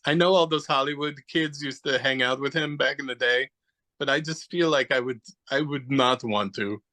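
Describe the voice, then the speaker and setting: A man from New Jersey hosting a casual podcast chat, animated and joking, laughing often. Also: medium pitch, moderate pace. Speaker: podcast host. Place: podcast studio.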